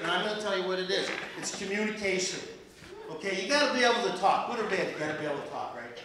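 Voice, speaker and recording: A man's voice: high-pitched, expressive, fast talker. A man in his late fifties with an American accent doing a crude stand-up comedy set, casual and punctuated with "right?". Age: 50s. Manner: crude, conversational, keeps asking "right?". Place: comedy club stage with a laughing audience. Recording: echoey room, distant mic, crowd laughter.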